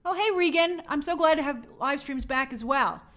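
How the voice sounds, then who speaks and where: Young woman w a high voice doing a casual live stream, upbeat, chats to viewers. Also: moderate pace. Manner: upbeat and chatty, warmly answers viewers. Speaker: movie show host on a live stream.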